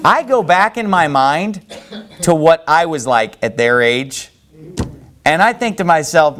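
Guy preaching a sermon, high voice, swoops up and down a lot, keeps saying you know. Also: expressive, measured pace, fairly bright tone. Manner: emphatic preaching with frequent "you know" asides. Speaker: pastor.

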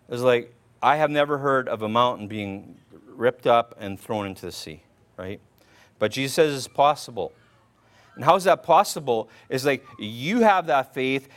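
A man's voice: medium pitch, a bit bright. A man preaching a conversational sermon, quoting old-style scripture and often checking in with "right?" as he talks. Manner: informal, repeats "right?" often, restarts words; quotes King James scripture aloud. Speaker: pastor.

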